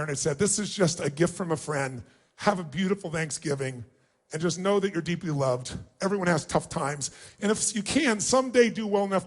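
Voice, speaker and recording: In an emphatic, emotional motivational talk, this man shares a story from his own life, his pitch rising and falling dramatically as he speaks.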